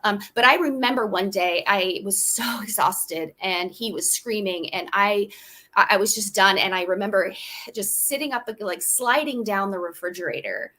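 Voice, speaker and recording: Bright-voiced woman, animated storyteller. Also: mid-range voice, normal speed. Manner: animated storyteller, many restarts. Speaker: guest, homeschool mom and author. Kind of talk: candid storytelling in a podcast interview.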